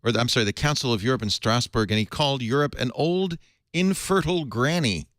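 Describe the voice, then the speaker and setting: A man's voice: mid-range voice, a little fast, fairly bright tone, no echo. A man hosting a casual tech panel chat, joking, laughing often and reading quotes aloud. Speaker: podcast host.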